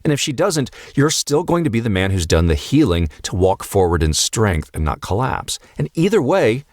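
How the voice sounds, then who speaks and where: A man coaching husbands on marriage, speaking calmly and earnestly and repeating key phrases for emphasis. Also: lowish voice, moderate pace, no room sound, clean studio sound. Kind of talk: motivational advice talk to husbands.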